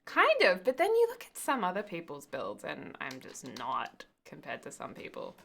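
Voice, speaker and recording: Woman streamer, playful and giggly, bright tone. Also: on the low side, wildly swooping pitch, normal speed, creaky. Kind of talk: casual live-stream chat.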